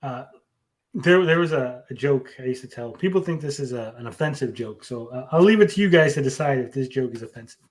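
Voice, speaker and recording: A young man co-hosts a casual podcast, and his medium-pitched voice comes across animated and a little fast. A comedian at heart, he rambles through jokes full of fillers and restarts.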